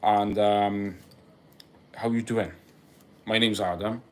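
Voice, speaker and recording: Speaking slowly in a low, slightly mellow voice with fairly even intonation, a young Welsh streamer hosts a laid-back live chat. He goes through viewers' comments, cracks jokes, laughs frequently and drifts into asides.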